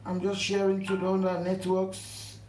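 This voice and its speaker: This cooking channel host has a medium-pitched, darkish voice delivered in a monotone at normal speed. Live from her home kitchen, she chats effusively, repeats herself, and keeps telling viewers to subscribe. There's echo in the room and faint household noise.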